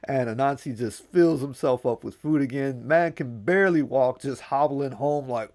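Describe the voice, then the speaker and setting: A man telling a folk tale in a relaxed, conversational way, with a slangy, casual manner, as an English teacher for learners. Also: medium pitch, fairly quick. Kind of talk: casual storytelling.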